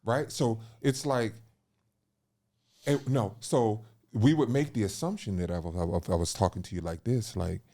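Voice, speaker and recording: A man hosting a casual podcast conversation, talking in an animated, thinking-aloud way with repeated fillers and restarts. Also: on the low side, a little slow. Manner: animated, lively storyteller who acts out quoted voices. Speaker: podcast host.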